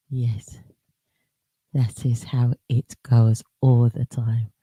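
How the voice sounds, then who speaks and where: A woman's voice: a bass voice, flat delivery, very slow, warm tone, husky, no room sound. A woman hosting a radio show, chatting casually in a playful, giggly way.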